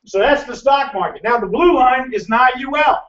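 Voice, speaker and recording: High-voiced shouting seminar man, echoey. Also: brisk. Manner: loud, emphatic, hectoring, teasing the audience. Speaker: financial seminar presenter. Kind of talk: motivational seminar lecture. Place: seminar room before a live audience. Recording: echoey, distant, dull room recording.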